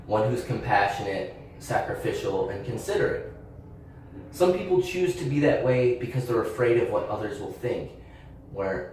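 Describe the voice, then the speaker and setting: A man's voice: fairly low pitch, a little mellow. A young man hosting his channel, telling a personal story in a candid, rambling way with fillers and restarts. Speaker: channel host. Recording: very echoey room, voice a bit distant, faint background hiss.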